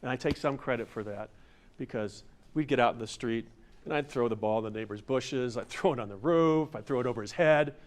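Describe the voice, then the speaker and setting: An older male presenter running a hands-on workshop, playful and demonstrative. He coaches a room full of people through movement drills and now and then bursts into mock-grand theatrical delivery. His voice sits at an ordinary middle pitch. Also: brisk. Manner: playful, demonstrative, acts out overblown theatrical lines. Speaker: masterclass presenter. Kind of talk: workshop lesson with audience exercises. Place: room with a live audience.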